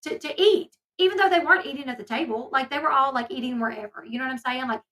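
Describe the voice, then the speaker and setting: Bright, chatty woman. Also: high-pitched, fast, low-quality recording. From Southern United States. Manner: chatty, filler-heavy, indignant storytelling. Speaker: commentary YouTuber. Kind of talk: casual gossip commentary.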